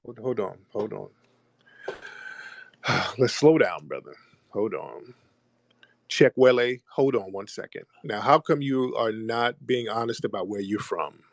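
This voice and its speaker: A man hosting a call-in audio show, arguing forcefully with callers, repeating himself and cutting them off. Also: on the low side, lively intonation, measured pace, creaky, pauses often, no echo, clean studio sound. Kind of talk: argumentative call-in talk.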